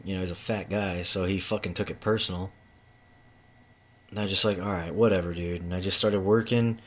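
A man with a fairly low voice rants about work. He swears constantly and circles back over the same words. He sounds heated and worked up. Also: fairly even intonation, normal speed. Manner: profane, heated, repetitive. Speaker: manual tradesman. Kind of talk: ranting monologue.

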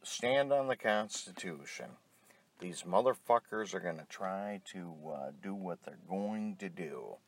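Middle-aged man, deep and animated, ranting with heavy swearing; worn-out edge. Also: a little slow. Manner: angry, blunt, heavy swearing. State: tired. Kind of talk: profane rant to camera.

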